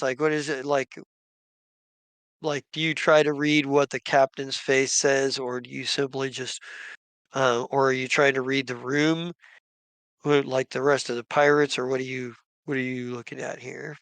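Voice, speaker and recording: A man's voice: mid-range voice, fairly even intonation, measured pace, a bit bright, clean tone, no echo. A man narrating as game master of a tabletop game, rambling with many restarts.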